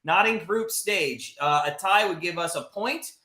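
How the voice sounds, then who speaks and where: Upbeat American stream host in echoey room. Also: male voice, high-pitched, a little slow, sharp tone. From United States. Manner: upbeat, addresses chat viewers. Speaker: watch party host. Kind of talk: live stream hosting.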